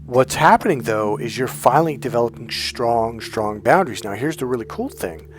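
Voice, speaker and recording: A man's voice: medium pitch, lively intonation, normal speed. Man telling a candid, profane story. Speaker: coach. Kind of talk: casual monologue.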